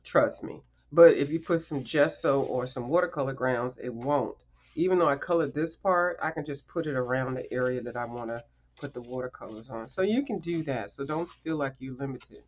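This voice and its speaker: A chatty coloring livestream host talks casually through show-and-tell, rambling along with emphatic asides to the viewers. The voice sits at a middle pitch. The audio is a little muffled and lo-fi. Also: normal speed, slight background noise.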